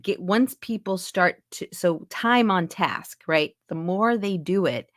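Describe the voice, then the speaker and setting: A woman's voice: on the low side, takes it slowly, a bit bright, no room sound, clean studio sound. A woman who coaches accents and does voice-over work, chatting casually in an interview and explaining with lots of asides. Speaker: accent and dialect coach, voice actor. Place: home recording booth.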